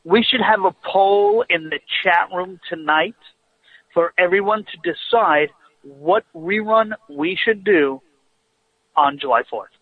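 While driving, a man phones in to co-host a radio show, joking through casual banter. His high-pitched voice is slightly rough and takes it slowly, with no room sound beyond the tinny phone line from the car.

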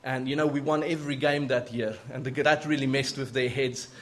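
A man preaching, telling a personal story in an earnest, animated way. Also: medium pitch, brisk, a little hiss or hum. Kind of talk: sermon storytelling.

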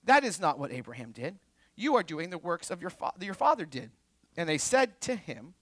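A pastor in his thirties preaching a sermon, animated and joking as he tells stories. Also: very high-pitched, brisk, no room sound. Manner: animated storytelling with quips and laughs.

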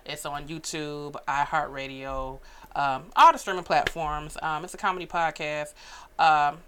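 A woman's voice: deep voice, fairly bright tone, clean tone. A woman comedian as a podcast guest, talking loosely and playfully and laughing often. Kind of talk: casual chat.

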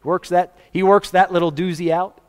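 Male preacher, emphatic storyteller, higher voice, church hall echo. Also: flat delivery, moderate pace, clear, resonant tone. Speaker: pastor. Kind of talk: sermon. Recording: long hall reverb.

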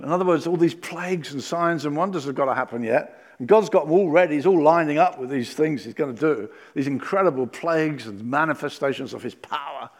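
Animated male preacher. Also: a little high, normal speed. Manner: animated, acting out Bible scenes with swings from loud to hushed. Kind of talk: sermon.

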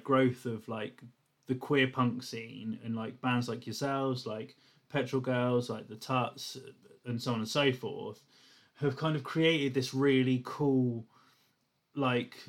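A man interviewing a musician, asking long, rambling questions padded with fillers. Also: mid-range voice. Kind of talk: casual interview.

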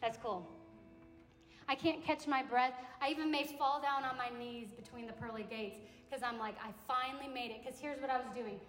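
High-voiced woman preaching in an echoey hall. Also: moderate pace, soft background music. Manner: animated, conversational preaching with acted-out quotes. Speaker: campus ministry speaker. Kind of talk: sermon. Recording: echoey hall with long reverb.

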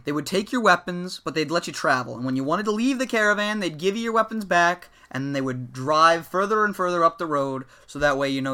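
A man co-hosting an improvised comedy show, telling long, rambling tall tales in a deadpan way. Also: a little high. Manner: rambling, tall-tale storytelling. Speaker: comedy co-host.

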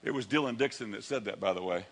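A male pastor preaching a lively sermon and telling stories from his own life, sometimes acting out his younger self. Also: on the low side, fast, vocal fry, slightly rough, poor audio. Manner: animated storytelling, acts out his own past voice.

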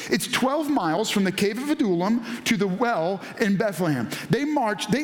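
A man's voice: high-pitched, echoey room. A man preaching a sermon, telling a scripture story in a conversational way and acting out the people in it. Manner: conversational storytelling with voiced asides. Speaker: pastor.

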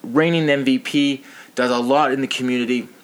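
A man's voice: mid-range voice, steady tone, brisk, clean tone. A man ranting about sports to his channel's viewers, outraged, profane and a little tipsy.

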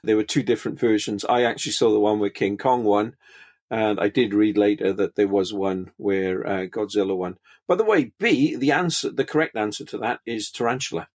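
A man's voice: on the low side, fairly quick, darkish tone. Cocky joking man on a podcast. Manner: cocky and joking, defends his answers. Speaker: podcast co-host and quiz contestant. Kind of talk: casual podcast chat.

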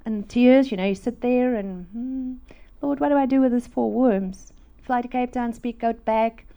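A woman's voice: fairly high pitch, normal speed, vocal fry, muffled recording. A woman, telling a personal faith story as a sermon and acting out the voices in it. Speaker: speaker at a church. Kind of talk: testimony sermon.

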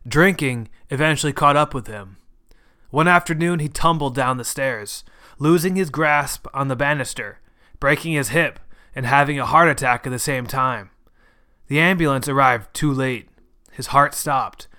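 A man's voice: mid-range voice, moderate pace, sharp tone. A man reading a short story aloud as its narrator. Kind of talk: scripted narration.

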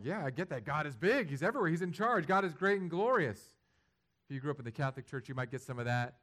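Male pastor, sermon delivery, mid-pitched, swings from conversational to loud emphatic peaks. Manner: rises to loud, high-pitched emphatic passages; acts out imagined prayers and quotes.

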